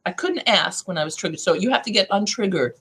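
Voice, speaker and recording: A middle-aged woman coach talks in a lively way, her pitch swinging up and down. She tells stories in a podcast interview and slips into the voices of the people she quotes. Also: quick pace, breathy edge. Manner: animated, acts out quoted voices with laughs. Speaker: guest life coach.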